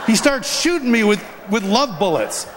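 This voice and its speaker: A man's voice: sits high, normal speed, music in the background. Man preaching in a reverberant hall. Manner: animated storytelling, acting out dialogue. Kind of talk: sermon story and prayer. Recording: reverberant hall, faint ambience.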